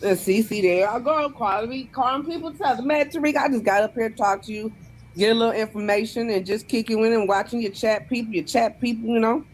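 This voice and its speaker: A woman's voice: on the high side, a little fast, a little hiss or hum. A woman calling in to a talk show, deferential and rambling as she defends her questions. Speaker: caller. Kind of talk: call-in conversation.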